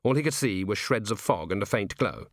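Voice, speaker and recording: A man narrating an audiobook in a measured, even storytelling manner. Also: on the low side, dry recording. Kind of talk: scripted narration. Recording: dry close studio read.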